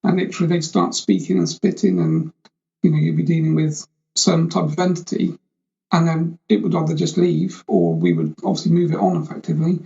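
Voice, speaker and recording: A man's voice sits a bit high yet very gravelly, with a dark, mellow tone. He explains things step by step as an interview guest. The audio is dull and lo-fi, like a remote connection. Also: lively intonation. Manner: measured, explanatory, hedging phrases. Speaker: guest, psychic surgeon. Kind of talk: interview answers.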